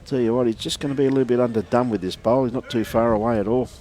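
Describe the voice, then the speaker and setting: A man's voice: mid-range voice, fairly even intonation, racing, dark tone. An Australian man commentating a lawn bowls match in a chatty, joking way, greeting viewers and calling people mate. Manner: chatty, laughing, calls everyone mate. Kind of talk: live sports commentary.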